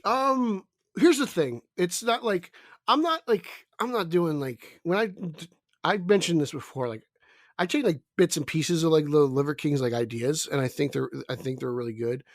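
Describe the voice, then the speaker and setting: A man's voice: fairly high pitch, normal speed, no room sound, clean studio sound. A young man talking casually as a podcast co-host, rambling with many fillers and stammered restarts. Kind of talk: casual chat.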